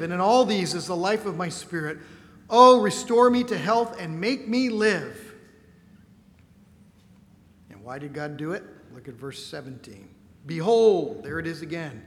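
A man preaching a sermon, reading scripture aloud and slowing to stress key words. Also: a little high, fairly bright tone, long reverb tail.

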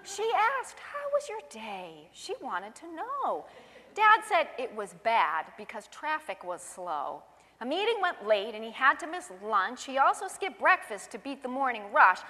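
A woman reading her own rhyming children's poem aloud in a sing-song, expressive way. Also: high-pitched, unhurried, big-room sound.

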